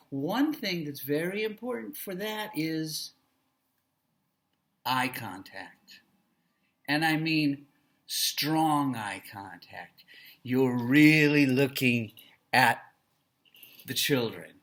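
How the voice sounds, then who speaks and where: A man training future teachers, giving a classroom lecture and demonstrating how to read aloud to children with a coaching manner. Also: fairly high pitch. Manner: slow, animated, coaching tone with vocal demos.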